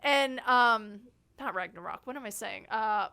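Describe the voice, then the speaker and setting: A woman hosting a casual video call chat, telling lively stories with lots of laughter and acted-out scares. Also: on the high side, unhurried, gravelly, smooth. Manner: animated, laughing, acts out scares. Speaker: host.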